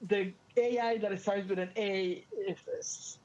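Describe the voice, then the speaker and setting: A Latino podcast co-host whose first language is Spanish jokes around in casual chat, animated and playful, with a Latin American Spanish accent. His voice is high-pitched and a little slow, and the highs are cut off.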